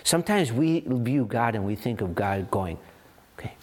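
A man preaching a sermon as pastor, animated and expressive, voicing little asides and firing rhetorical questions. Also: mid-range voice, normal speed, slight background noise.

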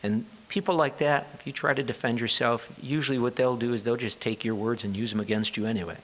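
A man delivering a Bible sermon at a mid-range pitch. He reads the passages aloud and then explains them plainly and conversationally, and now and then he asks his listeners a question. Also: fast talker, fairly bright tone. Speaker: preacher.

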